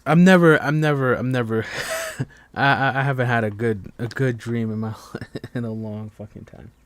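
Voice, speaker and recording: This late-night live stream podcast host talks casually from home while the rest of the house sleeps, rambling, restarting with stammers, and swearing a lot. He has a mid-range, slightly bright voice with little pitch movement and a normal speed, and there's no room sound.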